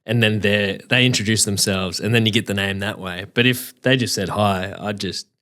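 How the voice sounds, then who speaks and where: A man's voice: lowish voice, fairly even intonation, normal speed, bright, forceful tone. A man in a casual chat, joking and spinning exaggerated comic tales. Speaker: podcast co-host.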